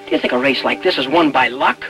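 An actor playing a protective male horse trainer in a film, talking in a brisk, commanding way. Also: medium pitch, sing-song, bright, forceful tone, faint music behind, low-quality recording. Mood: urgent. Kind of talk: film dialogue.

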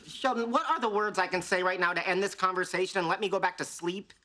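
An actor playing a tired, sarcastic young physicist roommate with dry delivery in a sitcom. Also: male voice, sits high, fast, slight background noise. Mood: weary. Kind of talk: sitcom acting. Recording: sitcom with loud audience laughter.

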